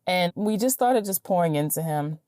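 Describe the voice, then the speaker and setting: Female podcast host, lowish mellow voice, chatty storytelling, dry close sound. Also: normal speed, no echo. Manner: animated, chatty, acts out dialogue. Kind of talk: casual storytelling.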